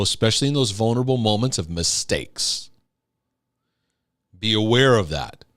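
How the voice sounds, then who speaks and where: A man's voice: medium pitch, a bit bright, no room sound, studio quality. A man giving an earnest, emphatic teaching talk on healing, sometimes acting out scolding parents. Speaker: Christian teacher and speaker.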